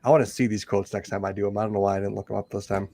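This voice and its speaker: A man's voice: on the low side, level tone, rapid-fire, mellow, slight background noise. A man co-hosting an online trivia night, chatty and jokey, often repeating his own lines for effect. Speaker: trivia co-host. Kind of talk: casual livestream chat.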